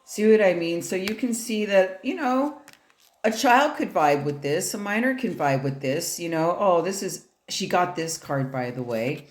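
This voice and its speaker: Chatty low-voiced woman in an echoey room. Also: lively intonation, unhurried. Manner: rambling, chatty, with many fillers and restarts. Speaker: tarot reader. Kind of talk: casual deck-sharing vlog.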